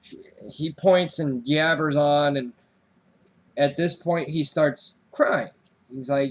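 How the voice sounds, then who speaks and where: Young male co-host, slightly high voice, loose profane storyteller. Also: slow. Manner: animated storyteller, swears, voice jumps up when reenacting. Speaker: podcast co-host. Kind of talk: casual storytelling chat.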